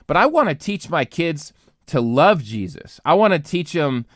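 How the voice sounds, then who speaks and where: A man's voice: fairly high pitch, sing-song, moderate pace, dry recording, studio quality. A congested man, a pastor co-hosting a podcast, talking earnestly in casual chat with many restarts.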